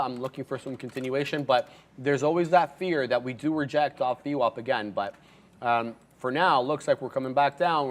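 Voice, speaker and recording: A man co-hosting a live day-trading stream in a studio, calling his trades and talking to the chat. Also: mid-range voice. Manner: upbeat, talks to chat. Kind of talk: casual live market commentary.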